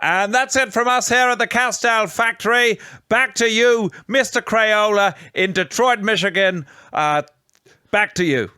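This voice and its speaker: A man's voice: high voice, unhurried, bright, forceful tone, clean tone, no room sound, studio quality, pitched above the performer's own voice. A man putting on the voice of a pompous male pen maker with a fake French flair, doing a mock sponsor message. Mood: chirpy.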